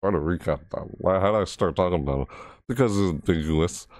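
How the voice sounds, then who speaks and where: A man hosting a reaction video, rambling casually with frequent restarts and excited asides, his voice cracking. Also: deep voice, fast, no room sound, studio quality.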